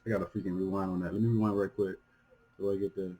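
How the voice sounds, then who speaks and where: A man hosting a music reaction video, talking casually and excitedly, stumbling over repeated words, swearing freely and laughing often. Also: low voice, quick pace, low-quality recording.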